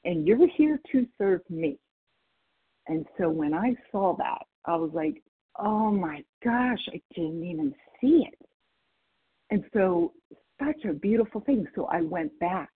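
Woman, recovery meeting share, candid and self-mocking, raspy voice, tinny call audio. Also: fairly low pitch. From North Idaho. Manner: candid, laughs at herself, quotes others in lively voices. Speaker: recovery meeting member sharing. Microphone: video or phone call. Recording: phone-quality call audio.

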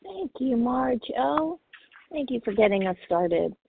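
A woman chairing a recovery meeting, brisk and organized, calling and repeating names. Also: on the high side, very animated, gravelly, slight background noise. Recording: tinny phone line.

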